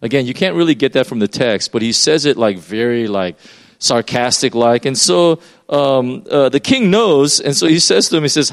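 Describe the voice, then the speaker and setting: A man's voice: medium pitch, big pitch swings, normal speed. A man preaching a sermon in a loose, conversational way, explaining as he goes with many fillers and restarts.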